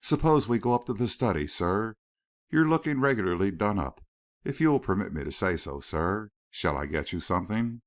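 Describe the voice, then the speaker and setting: Male reader doing a devoted manservant: respectful, earnest, lowish and expressive. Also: moderate pace, lightly acted. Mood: solicitous. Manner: respectful, says sir often. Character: Parks, a loyal, deferential middle-aged male valet.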